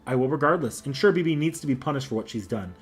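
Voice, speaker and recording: A man reading the lines of a determined young game protagonist in his own steady voice. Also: medium pitch, quick pace, breathy edge.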